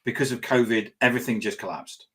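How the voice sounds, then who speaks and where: A man hosting an interview, introducing his guest in a halting way with repeated words and restarts. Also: medium pitch, sharp tone, breathy edge. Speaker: host. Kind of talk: casual interview chat.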